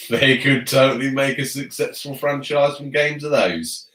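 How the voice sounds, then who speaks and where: A man's voice: medium pitch, normal speed, fairly bright tone, recorded from a distance. A grown man hosting a casual live gaming podcast, teasing his co-host and reading chat messages aloud. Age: adult. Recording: echoey room, away from mic.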